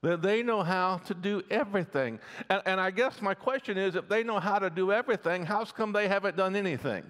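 A man's voice: high voice, brisk, few pauses, a bit bright. A middle-aged man preaching a sermon as pastor, folksy and often checking in with the congregation. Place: church sanctuary. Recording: long reverb of a church hall.

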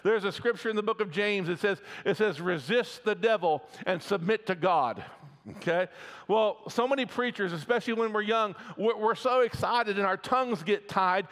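A man's voice: high-pitched, fairly bright tone. A middle-aged man preaching a sermon as pastor, folksy and often checking in with the congregation. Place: church sanctuary. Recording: long reverb of a church hall.

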